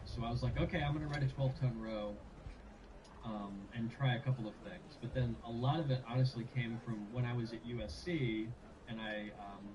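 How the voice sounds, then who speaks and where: A man, a game composer, chatting in an interview in a relaxed way with many fillers. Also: mid-range voice, far from the mic, background noise. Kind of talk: casual interview talk.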